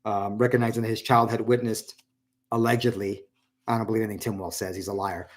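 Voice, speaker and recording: A man's voice: lowish voice, fairly even intonation, quick pace. A man giving casual solo political commentary, rambling and repeating words, and raising his voice when he quotes others.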